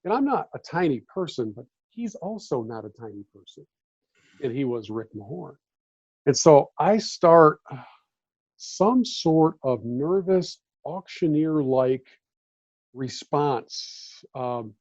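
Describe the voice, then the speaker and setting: A man in his fifties, a former beat reporter, telling animated stories on a podcast and acting out the voices of the people in them. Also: on the high side, takes it slowly, no echo. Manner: animated anecdotes, acts out quoted voices. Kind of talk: casual storytelling chat. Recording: dull lo-fi audio.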